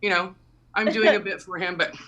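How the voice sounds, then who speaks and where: A woman's voice: on the low side, fairly even intonation, fairly quick, a bit bright, recorded from a distance. A woman doing a loose stand-up set over a video call, swearing and laughing at her own jokes. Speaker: stand-up comic.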